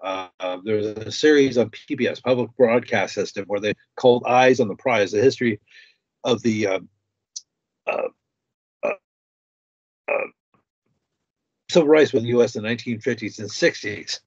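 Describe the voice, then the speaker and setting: Hesitant mid-pitched man, dry lo-fi. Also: normal speed, pauses often, breathy edge, no echo. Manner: hesitant, many uh and restarts. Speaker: guest. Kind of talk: talk show conversation. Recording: dry dull lo-fi sound.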